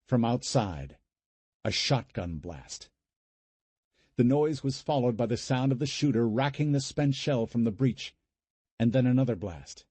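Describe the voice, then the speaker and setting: Male audiobook narrator; husky, warm low voice, dramatic and expressive reading. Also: measured pace, no echo.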